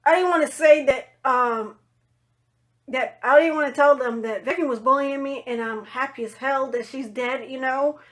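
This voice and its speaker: A woman with a high voice tells a personal story off the cuff, rambling and full of "like" and "you know". She is blunt and swears freely. Her phrases often sink into a quiet mutter at the end. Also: moderate pace. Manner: drops to low murmurs at the end of phrases. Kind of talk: casual storytime monologue.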